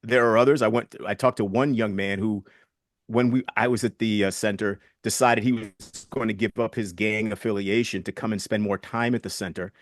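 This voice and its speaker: A man's voice: on the low side, steady tone, moderate pace, no room sound, studio quality. A man in his sixties, a guest in an interview, telling stories earnestly and reflectively and retelling past conversations. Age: 60s.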